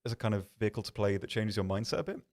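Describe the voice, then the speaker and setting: A man hosting a game livestream from an office, answering viewer questions in a rambling, self-deprecating way with many pauses and restarts. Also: lowish voice, a little mellow. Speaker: stream host. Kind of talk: casual livestream chat reading viewer questions.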